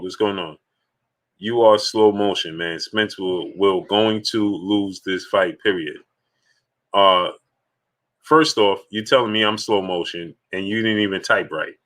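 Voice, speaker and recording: A man with a deep, fairly bright voice hosts a live sports stream in a casual, emphatic style. He repeats his points and greets viewers in the chat one by one.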